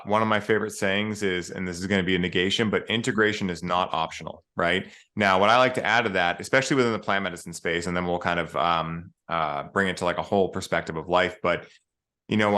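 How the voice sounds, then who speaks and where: Male guest, lower register, bright and forceful, earnest and spiritual in casual conversation. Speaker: podcast guest.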